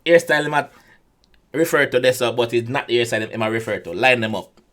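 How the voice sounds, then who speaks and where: A Jamaican man hosting a casual music reaction, excitable, often repeating words and restarting. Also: mid-range voice, a little fast.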